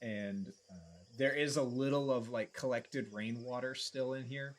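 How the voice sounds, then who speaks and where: A man in a mid-range voice runs a tabletop game, describing the scene in halting bits. He pauses and restarts often as he pieces the details together. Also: mid-range voice, steady tone. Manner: halting, full of ums and restarts. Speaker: dungeon master.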